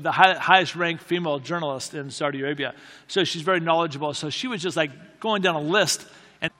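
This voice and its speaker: A man's voice: on the high side, bright, forceful tone. A man from the United States telling a personal story as a sermon, earnest and conversational with frequent restarts. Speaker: preacher. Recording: long hall reverb.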